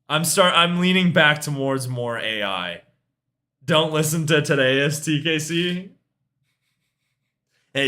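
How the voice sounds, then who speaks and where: A man's voice: a little high, pushed and bright. A young man streaming music reviews in casual chat, laid-back, swearing freely and trailing off with shrugging asides.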